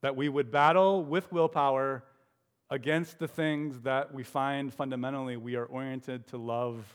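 A man's voice: medium pitch, fairly even intonation, moderate pace, clean tone. A man preaching a sermon as pastor, musing aloud with rhetorical questions. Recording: long hall reverb.

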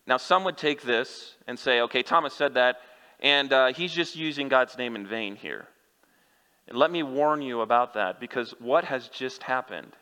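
A man's voice: mid-range voice, moderate pace, sharp tone, clear, resonant tone. A male pastor preaching a sermon, speaking earnestly and directly to his listeners. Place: church sanctuary. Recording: long church hall reverb.

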